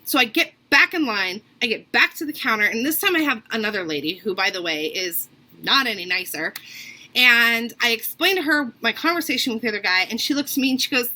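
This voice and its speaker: A woman's voice: high voice, brisk. A young woman vlogger telling a storytime rant in a casual chatty way, full of "like" and acting out what others said. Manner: animated, acts out other people's lines; casual, lots of "like".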